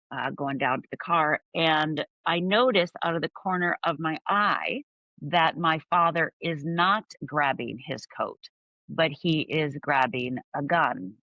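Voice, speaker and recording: A middle-aged woman from Upper Michigan tells her story as an interview guest. She brings each moment to life and acts out the voices. Her voice is bright and sharp, recorded dry and close. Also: sits low, no echo, lo-fi sound.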